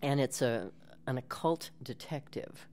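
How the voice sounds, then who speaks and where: A woman's voice: rumbling low, measured pace, darkish tone, a little hiss or hum. A woman guest in a casual podcast interview, telling stories in a chatty way and laughing often. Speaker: actress and guest.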